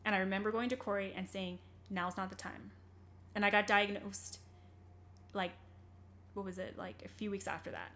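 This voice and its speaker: A woman's voice: medium pitch, level tone, fairly quick, long pauses, pushed and bright. A young woman sits as an interview guest and tells her own story with open candor. She sounds earnest and rambles, restarting her sentences and leaning on small fillers as she talks her way through. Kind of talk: candid personal storytelling in conversation.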